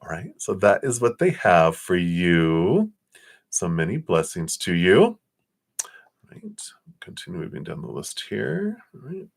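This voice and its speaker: Man, deep voice, tarot reader, live stream, gentle, rambling, reassuring. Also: sing-song, measured pace, gravelly. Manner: gentle, rambling, reassuring, with many fillers and restarts.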